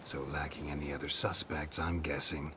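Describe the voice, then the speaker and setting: A man voicing a grizzled, terse male monster hunter in a video game, with a deep gravelly voice and clipped delivery. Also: little pitch movement, moderate pace, background noise. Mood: accusing. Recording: game audio with music behind.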